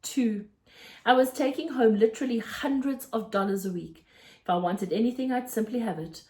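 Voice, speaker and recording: A woman reading aloud, voicing a kindly, fussy middle-aged male newsagent who talks in a gentle, fatherly, earnest way. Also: fairly high pitch, normal speed, natural voice. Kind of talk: storybook read-aloud.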